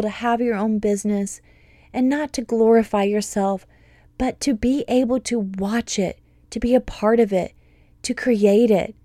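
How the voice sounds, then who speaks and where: A woman in her thirties talks through a casual podcast monologue, gushing and upbeat and wandering into excited asides. Her voice is warm and mellow rather than bright, and the recording is dry and close, with no room sound. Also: a little high, dry recording. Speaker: podcast host and homeschool business coach.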